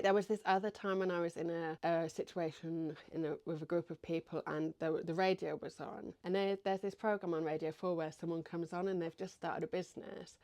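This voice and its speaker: A woman's voice: on the low side, a little mellow. A woman from England chatting casually to camera about her small business, full of "like" and "you know". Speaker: small business owner vlogger.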